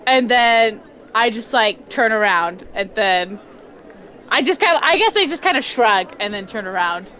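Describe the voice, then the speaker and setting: High, bright giggly woman player. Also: lively intonation, normal speed, highs cut off. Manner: giggly, hesitant with many fillers. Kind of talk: casual tabletop game chat.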